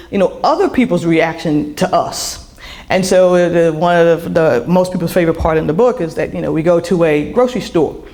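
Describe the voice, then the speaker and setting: A woman's voice: fairly low pitch, a little mellow. Woman telling a caregiving story candidly. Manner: candid storyteller, many restarts and fillers. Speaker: author and speaker. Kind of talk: personal talk to an audience.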